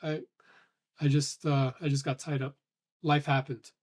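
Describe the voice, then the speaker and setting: A vlogger, male, thinks aloud in a casual monologue, rambling and restarting loosely, swearing now and then and sounding slightly out of breath. His voice is a little high and darkish in tone, delivered flatly at a measured pace.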